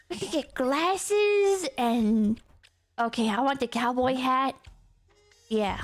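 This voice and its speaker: High, slow-talking woman streamer, excitable and squealy, casual game chatter. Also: soft background music. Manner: excitable, bursts into squeals and laughter, chats with viewers. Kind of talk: casual gameplay commentary.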